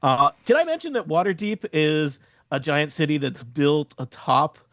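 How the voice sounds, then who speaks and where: A man's voice: on the high side, animated, normal speed, a bit bright, no echo, studio quality. Rambling, joking male game master. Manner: rambling, joking, laughs often. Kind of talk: narrating a tabletop game, casual chat.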